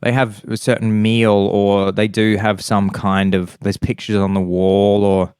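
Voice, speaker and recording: Mild-accented Australian man, lowish dry voice. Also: a little slow, clear, resonant tone, no room sound. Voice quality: animated, explains with playful vocal demonstrations. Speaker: podcast co-host. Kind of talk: casual podcast chat.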